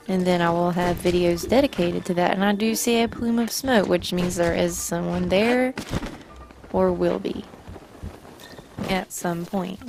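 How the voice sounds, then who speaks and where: Gravelly Southern woman doing game commentary. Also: medium pitch, darkish tone, slight background noise. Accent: Southern US, Georgia. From Georgia, US. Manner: chatty, rambling, self-correcting. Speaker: gaming channel host. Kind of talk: casual gameplay commentary.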